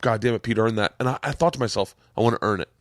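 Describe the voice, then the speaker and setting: A podcast host in a home studio rambles through a story in casual conversation, repeating himself and becoming emotional. He talks in rapid-fire fashion with a fairly low voice, and the audio is studio quality with no echo.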